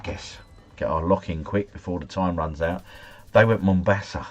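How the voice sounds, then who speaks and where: Playing a geography guessing game on a live stream, a man chats casually at normal speed in a low voice. He's easily flustered, mutters asides, and lets out some mild swearing.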